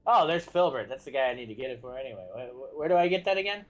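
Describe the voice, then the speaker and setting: A man's voice: mid-range voice, lively intonation, rapid-fire. A man chatting casually while playing a game with a friend, rambling with hesitations and jokes. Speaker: fellow player. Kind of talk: casual gameplay chat.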